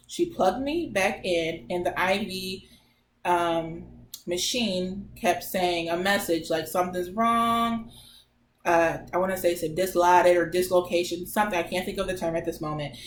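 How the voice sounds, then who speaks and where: A woman in her twenties telling her own story as a vlogger in a chatty, animated way, acting out what others said. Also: lowish voice, moderate pace. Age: 20s. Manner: chatty, animated retelling that acts out others' lines. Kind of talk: casual personal storytelling. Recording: roomy echo, faint background noise.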